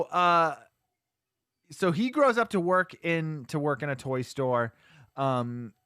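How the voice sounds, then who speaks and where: A man co-hosting a podcast, casually recapping a movie plot in a rambling, animated way with lots of "like" and restarts. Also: medium pitch, smooth, no room sound, studio quality. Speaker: podcast co-host.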